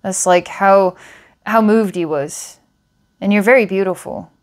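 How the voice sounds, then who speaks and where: A woman's voice: mid-range voice, unhurried. A woman psychic giving a client a past-life reading, meandering with filler words and small laughs. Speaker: psychic reader.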